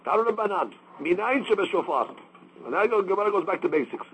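A man's voice: sits high, animated, fast, a bit bright, a little hiss or hum, poor audio. A man teaching a daily Talmud class, explaining step by step and mixing Aramaic quotes with English.

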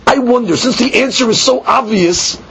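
A man teaching a lively Talmud class, acting out both sides of the argument. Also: very high voice, normal speed, husky. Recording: dull lo-fi recording.

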